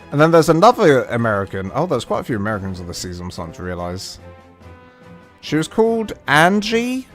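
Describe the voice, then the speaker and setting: A British man streaming a game and telling a rambling story, animated and full of restarts and asides. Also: mid-range voice. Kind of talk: casual storytelling on a livestream.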